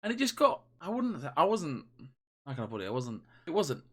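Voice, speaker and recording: A man co-hosting a casual gaming podcast, telling stories in a rambling, animated way with many restarts. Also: a little high, brisk, slightly rough. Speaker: podcast co-host. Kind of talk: casual chat.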